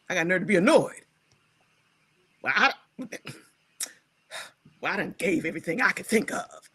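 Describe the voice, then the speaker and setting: A woman guest speaker, a scholar and writer, telling her personal story in a reflective, animated way. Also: fairly low pitch, unhurried, vocal fry, long pauses, husky, dry recording. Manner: animated, acts out her own past dialogue.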